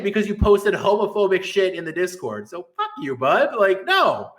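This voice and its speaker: A man's voice: high-pitched, sing-song, moderate pace, fairly bright tone. A middle-aged man, a guest tournament administrator, ranting in a heated, profane and sarcastic way on a podcast.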